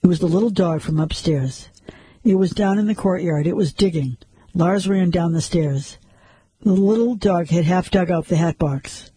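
A man reading a story aloud as narrator, in a steady, measured way. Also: high-pitched, breathy edge, dry recording, low-quality recording.

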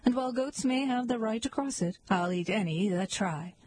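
A woman voicing a hungry, self-pitying male troll who guards a bridge, with a gruff manner. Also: fairly high pitch, moderate pace, darkish tone. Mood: menacing. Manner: gruff, then pleading and sobbing.

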